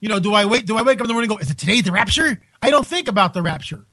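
A man hosting a live talk radio show from home, incredulous and animated, restarting his sentences often. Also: high-pitched, rapid-fire, rough recording.

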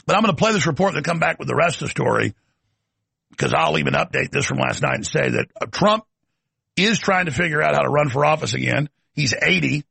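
A man's voice: on the high side, expressive, fairly quick, vocal fry, bright, forceful tone, breathy edge, dry recording. A man hosting a political talk show, delivering an emphatic, ranting monologue with sardonic asides.

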